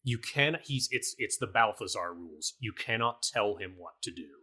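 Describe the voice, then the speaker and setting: Bright-voiced man rambling through a game recap. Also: lowish voice, lively intonation, normal speed, breathy edge. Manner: rambling, filler-heavy storytelling. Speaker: podcast co-host. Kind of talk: casual chat recapping a video game.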